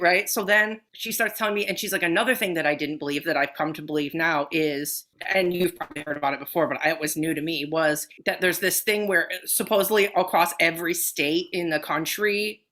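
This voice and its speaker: A woman co-hosting a podcast, telling a long story in a casual, animated way, swearing often and acting out the people she quotes. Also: on the low side, a little fast, hardly any pauses. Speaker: podcast co-host.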